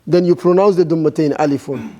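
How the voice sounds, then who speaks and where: A man teaching a beginners' class, talking slowly and firing repeated questions at his students. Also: a little high, mellow. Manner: slow, repetitive, questioning students. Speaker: Arabic teacher.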